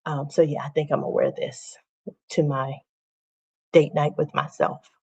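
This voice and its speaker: A woman's voice: sits low, level tone, moderate pace, gravelly, a little mellow, slightly rough. A woman, a teacher, chatting casually to viewers on her livestream and repeating phrases for emphasis.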